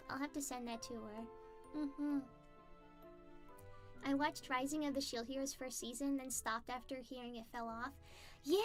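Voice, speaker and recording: A woman chatting casually with her livestream viewers, bubbly and giggly, reading out their messages. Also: high-pitched. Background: faint background music.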